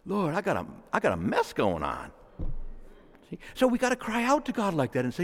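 A man delivers a homily from the pulpit with a lively, swooping voice that sits a little high for a man. He shifts between fervent, raised passages and soft, prayerful asides. His words ring out with the long reverb of a church hall. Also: brisk. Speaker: priest. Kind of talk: sermon.

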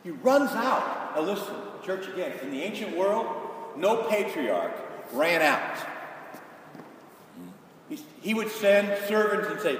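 A man preaching a sermon in a large church, emphatic and rising to shouts for stress. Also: fairly high pitch, very animated, unhurried. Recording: echoey hall from far off.

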